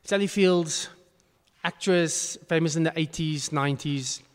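A man's voice: fairly high pitch, unhurried, clean tone. A man preaching a sermon as a pastor, earnest, with emphatic bursts. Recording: long hall reverb.

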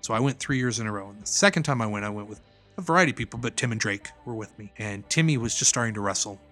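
A man, an independent pro wrestler, telling backstage anecdotes in a casual interview, animated and laughing as he goes. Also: lowish voice, rapid-fire, faint music behind.

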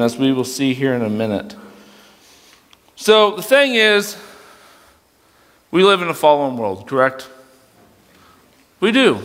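Preaching as youth pastor in a large hall, a young man speaks in a high-sitting, fairly bright voice. He stays casual and conversational with fillers and self-corrections; he is dyslexic and struggles when reading aloud.

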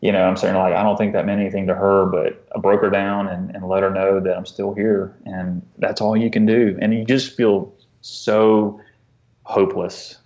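A man telling a personal story as an interview guest, earnest and halting, often restarting his sentences. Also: sits low, flat delivery, darkish tone, lo-fi sound. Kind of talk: conversational storytelling.

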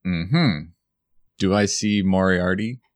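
Man, very low pitch, tabletop player, easygoing, casual, thinking aloud. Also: slow. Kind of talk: casual tabletop game play.

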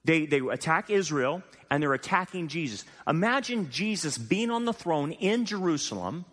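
A man preaching a sermon as pastor, animated and full of rhetorical questions to his congregation. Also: a little high, normal speed. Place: church sanctuary. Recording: long hall reverb.

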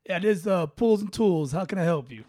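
A man's voice: sits high, animated, brisk, dark tone, pitched below the performer's own voice. A man playing a pushy pool company boss with a mock Italian-American accent, brushing off a customer's complaint. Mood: brusque. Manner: pushy, blustering, repeats himself.

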